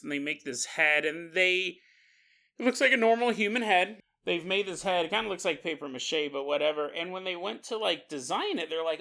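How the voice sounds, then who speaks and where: A man's voice: sits high, animated, fairly quick, sharp tone. A man hosting a podcast, telling a story in a jokey, casual way, acting out quoted voices and laughing often. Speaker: podcast host.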